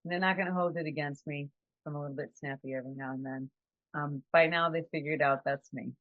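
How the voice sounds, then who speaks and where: A woman's voice: low-pitched, fairly even intonation, fast, no echo, phone-quality sound. A woman giving a conversational, reflective motivational talk as a trainer. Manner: conversational, reflective, acts out quotes.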